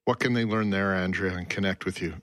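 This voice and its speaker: A man hosting a radio interview, asking measured, sympathetic questions. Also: sits low, a bit bright, dry recording, studio quality. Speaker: radio host.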